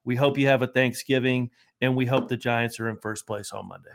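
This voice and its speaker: A man's voice: mid-range voice, fairly even intonation, brisk, gravelly. A man who played football, co-hosting a sports podcast, speaking earnestly and telling stories from his playing days. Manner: earnest, conversational storyteller. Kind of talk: casual sports podcast chat and storytelling.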